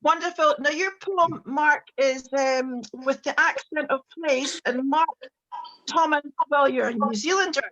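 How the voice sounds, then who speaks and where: A woman's voice: high voice, unhurried, a bit bright, muffled recording. A woman hosting an online book launch on a video call, introducing each reader with chatty remarks and frequent ums.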